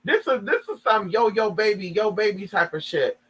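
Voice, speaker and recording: A man's voice: sits high, animated, normal speed, breathy edge, rough recording. A man giving sassy, dramatic gossip commentary, reading a story aloud and reacting to it.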